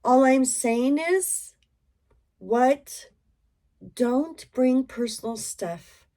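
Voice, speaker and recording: A woman's voice: sits high, extremely slow, mellow. A middle-aged woman chatting frankly to camera as a reseller, rambling and emotional with many asides. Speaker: reseller vlogger. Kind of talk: casual chat to camera.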